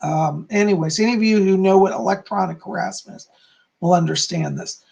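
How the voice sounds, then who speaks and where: A man hosting a casual live stream, hoarse and clearing his throat, rambling with many fillers while reading out chat comments. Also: high-pitched, a little fast, darkish tone. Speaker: live stream host, psychic.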